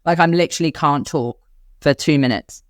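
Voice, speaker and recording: Co-host, Australian woman in her thirties, lower voice, lively storyteller who does the voices, dry sound. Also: moderate pace, no room sound. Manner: animated, acts out quotes in other voices. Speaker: podcast co-host. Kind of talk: candid storytelling chat.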